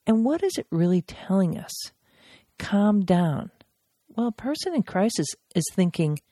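Woman trainer, emphatic instructional podcast delivery, slightly low, mellow voice. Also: big pitch swings, a little slow, no echo, clean studio sound. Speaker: crisis intervention trainer.

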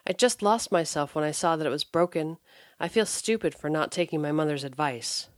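A woman's voice: low-pitched, animated, fairly quick, dry recording. A woman voicing an upset mother of three young boys, speaking in a dry, close-up reading voice. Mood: regretful. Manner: cries out, then turns soft and regretful.

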